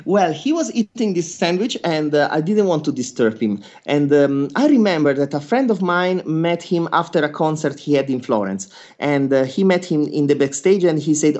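A man's voice: a little high, moderate pace. A man from Italy, a reggae band musician, telling stories in a casual interview and acting out the quotes. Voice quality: animated storyteller who acts out quotes. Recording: dull lo-fi sound.

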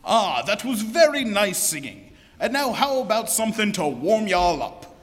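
A man's voice: sits high, sing-song, moderate pace, loud music behind the voice. An actor playing a hearty, easily flustered male doctor companion, in 1940s radio acting style, on a reverberant old broadcast.

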